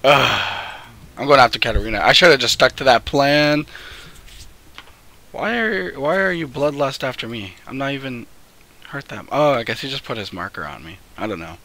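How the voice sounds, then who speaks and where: Young adult male gamer, bright lively voice, excitable casual play-by-play with frequent swearing. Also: medium pitch, normal speed. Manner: excitable, swearing, laughing, talking to teammates on screen. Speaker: gamer streaming gameplay. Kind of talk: casual gameplay commentary. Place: home, early morning, no camera.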